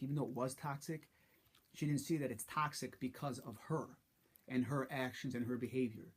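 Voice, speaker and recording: A man telling a personal story in a vlog, halting and frustrated, with many restarts. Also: medium pitch, fairly even intonation, husky. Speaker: vlogger.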